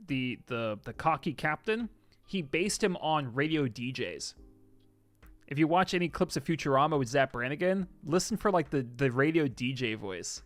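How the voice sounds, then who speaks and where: A man chatting casually on a live stream, reading viewer comments and swinging between loud excited outbursts and soft asides. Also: on the high side, no echo.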